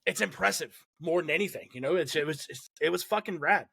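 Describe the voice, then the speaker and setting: A laid-back man co-hosts a podcast, talking in easygoing slang and calling everyone dude. His gravelly voice has a bright edge, and the recording is bone dry with no room sound at all. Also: fairly high pitch, quick pace, dry recording. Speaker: podcast co-host. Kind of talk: casual chat.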